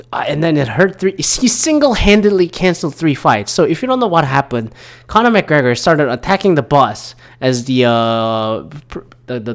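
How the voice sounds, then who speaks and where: A man in his thirties giving casual solo commentary as host, rambling and swearing, with lots of fillers and restarts. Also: mid-range voice. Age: 30s.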